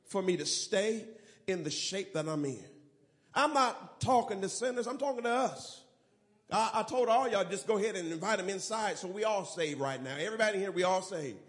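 A man preaching a sermon, leading call-and-response and rising to shouts. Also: high-pitched, expressive, normal speed.

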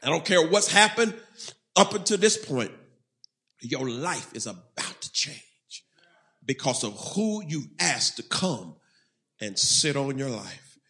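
A male pastor preaching a sermon, breaking into loud shouted bursts, throwing in folksy humor and leading the congregation in call-and-response. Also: medium pitch, sing-song, slow.

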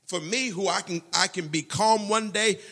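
Pastor animado de voz alta e rouca. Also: male voice, high voice, moderate pace. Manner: animated preaching, quoting prayers and scripture with shifting intensity. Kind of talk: sermon.

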